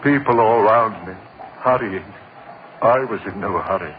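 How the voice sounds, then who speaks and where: A man's voice: on the low side, measured pace, a little hiss or hum, close to an everyday voice. Actor as a haunted man sliding into madness. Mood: brooding. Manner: intense, breaking into frantic cries. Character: lecturer losing his mind, haunted. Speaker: narrator and lead. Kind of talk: 1940s radio acting. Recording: muffled old radio recording.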